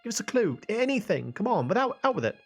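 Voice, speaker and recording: A man's voice: sing-song, fast talker, faint music behind, exaggerated voice. A man doing a brash young thief girl. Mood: impatient. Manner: high, loud and pushy.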